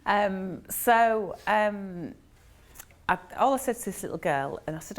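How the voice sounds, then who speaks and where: A woman's voice: mid-range voice, expressive, measured pace. A woman, a therapist giving a chatty storytelling talk to an audience, with frequent ums.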